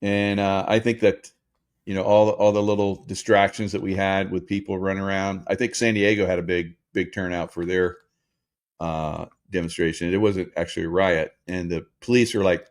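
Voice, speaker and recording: A man's voice: deep voice, level tone, normal speed. A man in his sixties hosting a casual commentary monologue, rambling with many fillers and restarts. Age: 60s. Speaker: host.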